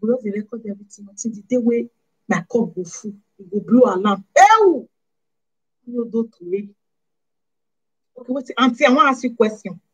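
A woman with a Nigerian Pidgin accent delivers a lively monologue to camera, her voice husky and a little breathy. She scolds her listeners and fires rhetorical questions at them one after another. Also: a little high, quick pace, rough recording. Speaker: vlogger.

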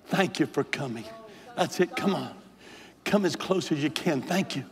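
An older man serving as bishop leads a Pentecostal sermon and altar call, his fairly high voice animated and moving at a moderate pace. His impassioned pleading climbs toward hollering, and the large sanctuary adds a long, booming reverb.

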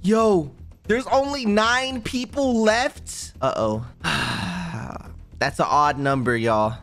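Excitable man doing gaming commentary. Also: high-pitched, slow, vocal fry, soft background music. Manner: excitable, repeats himself, talks straight to viewers. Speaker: gaming YouTuber.

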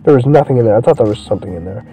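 A young man giving profane, excitable commentary while playing a video game. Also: medium pitch, very fast, husky, faint music behind, low-quality recording. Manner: profane, excitable, swears constantly. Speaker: gameplay streamer. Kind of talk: let's play commentary.

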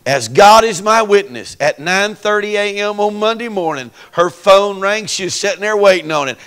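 A man preaching a sermon in a church, telling stories and building to loud preaching. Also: high voice, expressive, moderate pace, few pauses, smooth. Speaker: pastor. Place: church sanctuary.

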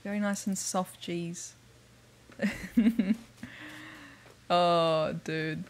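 A woman's voice: fairly low pitch, fairly even intonation, drawn-out words, long pauses, a little mellow, slight background noise. A woman streaming a video game, chatting casually and playfully with lots of giggles. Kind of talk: casual livestream chat while playing a video game.

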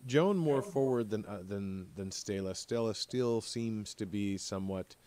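Male game master, low voice, halting delivery with lots of "uh"s, narrating a tabletop session. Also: a crowd in the background. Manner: halting, many fillers and repeats.

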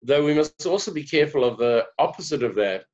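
A South African man speaking as a guest in a conversational interview, an animated storyteller. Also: a little high, fast. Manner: animated storyteller, laughs often. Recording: dull lo-fi sound.

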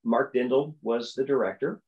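A man who works as a voice actor, telling stories in a podcast interview and acting out the quoted lines with big leaps in pitch. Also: moderate pace, lo-fi sound. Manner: animated storyteller, acts out quotes with big pitch jumps. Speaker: voice actor guest.

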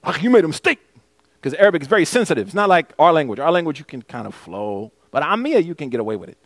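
An imam teaches a mosque lesson on a hadith text in a mosque classroom, racing along in a slightly high voice with big, animated swings in pitch. He alternates between explaining in English and reciting in Arabic, and the sound is close and dry with little room echo.

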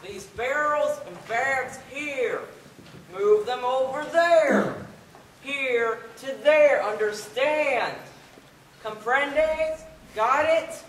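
A young actor in a school play playing a gruff, suspicious small-town storekeeper who speaks curtly. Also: sits high, very slow, a little hiss or hum. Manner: curt, gruff. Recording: roomy stage sound from far off.

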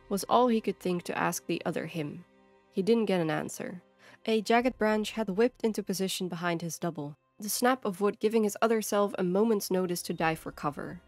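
A woman narrating a fantasy short story in a measured, expressive storytelling manner. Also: medium pitch. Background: faint background music.

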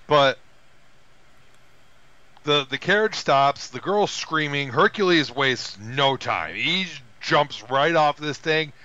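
A man's voice: slow pace, dull audio. A man co-hosting a podcast, animatedly retelling a film in casual chat. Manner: animated retelling with high put-on voices for quoted characters. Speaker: podcast co-host.

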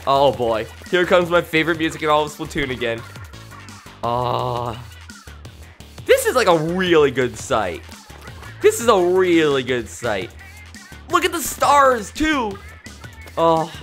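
Here a male streamer narrates his game live, taking his time and pausing often. His tone is bright and forceful, his pitch swings wildly, and his jokey excitement bursts into loud yelps before falling to low mumbles over quiet game music.

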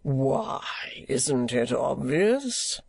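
A man voicing a pompous, blustering male stage actor with a slow, deep, theatrical drawl. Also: sing-song, gravelly, a little mellow, husky, dry recording, exaggerated voice.

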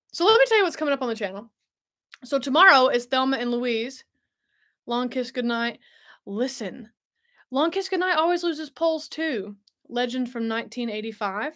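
A woman's voice: high-pitched, animated, moderate pace, pauses often, fairly bright tone. A young woman hosting a casual livestream, bubbly and chatty, laughing often and answering viewers. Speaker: host.

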